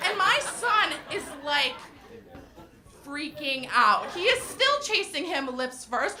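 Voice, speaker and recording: A woman's voice: high-pitched, big pitch swings, a little slow, crowd noise. A young woman doing stand-up comedy, giggling and breaking off her own sentences with nervous laughs. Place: comedy club stage. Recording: roomy echo of a comedy stage.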